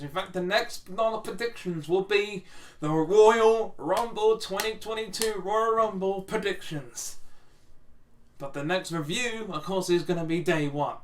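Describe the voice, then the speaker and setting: A man with a high voice, recorded from a distance, talks to camera on his channel in casual solo commentary. He rambles through wrestling predictions, restarting sentences and swearing.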